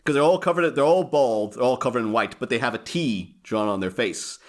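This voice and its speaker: A man's voice: medium pitch, brisk. A man co-hosting a casual podcast chat over a remote call, rambling through his points and often laughing as he explains. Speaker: podcast co-host.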